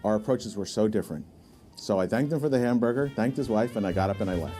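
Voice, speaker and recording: A man's voice: lowish voice, quick pace, music in the background. A man telling admiring anecdotes about a mentor in a documentary interview. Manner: animated anecdote-teller, admiring. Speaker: artist recalling a mentor.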